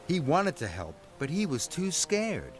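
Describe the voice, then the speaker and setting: Male storybook narrator: slow, animated delivery, with music underneath. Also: a little high.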